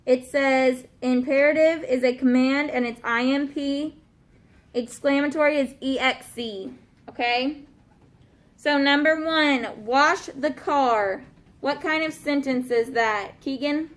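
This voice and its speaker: A woman with a high voice teaches a grammar lesson in a classroom. She is patient and keeps checking in with her pupils, asking "okay?" and "right?" after almost every point. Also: steady tone, a little slow. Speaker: elementary school teacher.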